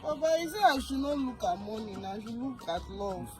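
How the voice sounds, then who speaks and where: A woman's voice: a little high, expressive, a little fast, over loud music. A Nigerian woman acting as a daughter in a comedy skit, pleading and protesting.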